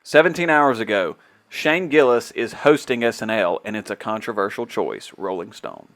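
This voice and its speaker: A man's voice: on the low side, big pitch swings, fairly bright tone. A man co-hosting a podcast, chatting in an easygoing way and reading blurbs aloud. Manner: easygoing, quick yeahs, reads blurbs aloud. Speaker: podcast co-host. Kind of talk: casual chat.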